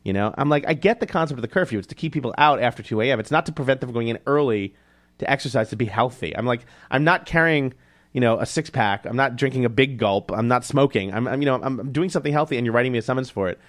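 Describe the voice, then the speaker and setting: A man being interviewed, telling stories casually and animatedly, jumping up in pitch to act out other people. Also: fast talker, no room sound. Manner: animated, acts out quoted voices in a higher pitch. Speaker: guest. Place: New York City.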